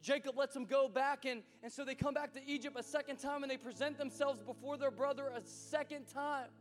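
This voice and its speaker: A male pastor preaching a sermon as an animated, conversational storyteller. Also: extremely high pitch, a little fast. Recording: hall reverb with soft music.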